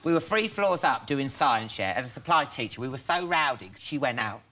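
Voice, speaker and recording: A man's voice: medium pitch, animated, fairly quick. A man hosting a chat show, telling stories in a gossipy, camp way. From Britain. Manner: gossipy, camp storytelling with big laughs. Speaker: talk show host. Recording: loud studio audience noise.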